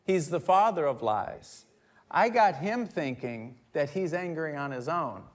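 A middle-aged male pastor preaching a conversational sermon, joking with the crowd and swinging between quiet asides and loud emphatic bursts. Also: fairly high pitch, expressive, measured pace. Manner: conversational, jokes with the congregation.

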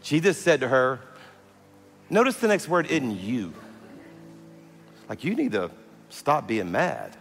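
A man, preaching a sermon as pastor, telling stories that move from loud and animated to hushed and tender. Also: mid-range voice, slow pace, long pauses. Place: large church hall. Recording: long hall reverb with faint music.

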